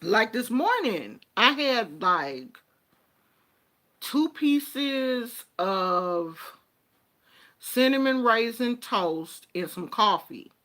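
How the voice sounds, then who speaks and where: A woman's voice: on the high side, big pitch swings, drawn-out words, fairly bright tone. A woman chatting casually to her viewers, with a Black way of speaking, telling stories and laughing often. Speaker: vlogger.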